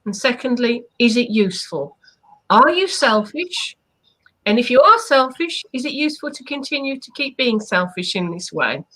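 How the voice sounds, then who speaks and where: A woman's voice: a little high, big pitch swings, moderate pace, fairly bright tone, low-quality recording. Earnest woman coaching on a live stream. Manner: earnest, coaching, asks rhetorical questions. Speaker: hypnotherapist co-host. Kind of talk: casual live-stream chat.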